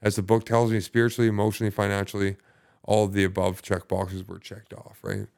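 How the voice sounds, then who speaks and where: A man's voice: lowish voice, monotone, a little fast, gravelly, darkish tone. A young man, a podcast guest, telling his recovery story in casual talk, rambling with many fillers and heavy swearing.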